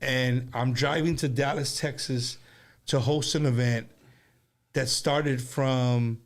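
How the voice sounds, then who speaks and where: A man hosting a casual studio chat show, talking in animated, rambling bursts with many restarts. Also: medium pitch, slow. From United States. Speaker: show host.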